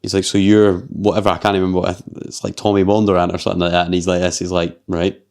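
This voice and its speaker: A man with a Scottish accent hosting a podcast, retelling a film in an animated, rambling way with lots of swearing and fillers. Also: low-pitched, racing, creaky. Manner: animated storyteller, swears freely, heavy use of "like". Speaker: podcast host. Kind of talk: casual chat.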